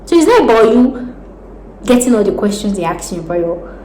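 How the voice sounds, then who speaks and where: A Nigerian woman with a Nigerian accent, giving casual job advice in a vlog, animated and laughing often as she talks with her hands. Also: medium pitch, a little fast. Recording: roomy echo with faint background noise.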